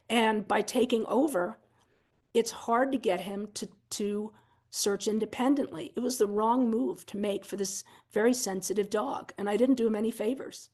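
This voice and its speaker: A woman's voice: fairly high pitch, moderate pace. A woman instructor giving a conversational seminar talk, walking through video clips in an explanatory, candid, self-deprecating way with casual fillers.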